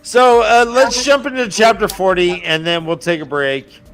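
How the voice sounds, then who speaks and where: A man's voice: high-pitched, fairly even intonation, a bit bright, soft background music. A man hosting a book podcast who recaps chapters casually, with many "uh"s and "um"s. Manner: unhurried, filler-heavy recapping. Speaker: podcast host summarizing chapters.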